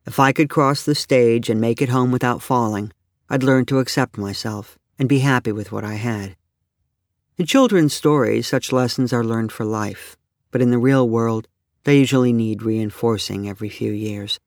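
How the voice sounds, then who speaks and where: A middle-aged man reading his own humorous personal essay aloud with a wry, deadpan delivery. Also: mid-range voice, normal speed, no room sound, studio quality.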